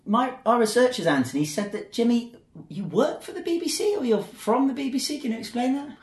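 A British man hosting a casual podcast, joking and rambling as he talks. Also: fairly quick. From Britain. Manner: jokey, rambling, lively pitch swings. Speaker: podcast host. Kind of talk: casual chat. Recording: echoey room.

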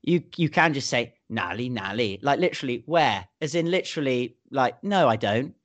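A man's voice: mid-range voice, expressive, brisk, dry recording. Guy on a podcast, jokey, lots of ums and uhs. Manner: chatty, jokey, hesitant fillers. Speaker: podcast co-host. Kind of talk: casual chat.

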